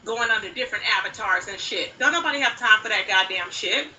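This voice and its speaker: A woman's voice: mid-range voice, fast talker. A woman livestreamer scolding someone in a profanity-heavy, confrontational rant, replayed from another stream. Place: played back from another live stream. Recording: bright clip with background noise, far from mic.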